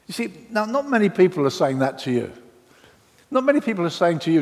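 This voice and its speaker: A man preaching a sermon as a pastor, telling the story dramatically and with lively emphasis. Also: high-pitched, a little fast. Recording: reverberant hall.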